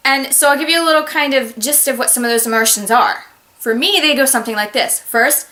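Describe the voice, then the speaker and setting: Woman, bright and forceful voice, animated, loud exclamations, casual author advice. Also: high voice, a little fast. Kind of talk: casual talk to camera. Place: home office.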